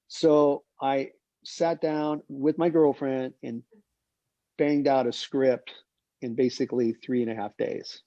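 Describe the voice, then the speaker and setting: A man in his sixties tells rambling stories from his film career and acts out the lines of the people in them. His voice is gravelly and mellow. The recording is dry and dull, with no room sound. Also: mid-range voice, dry recording. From United States. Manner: rambling, animated, acts out quoted dialogue. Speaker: film director and producer. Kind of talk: casual anecdotal storytelling.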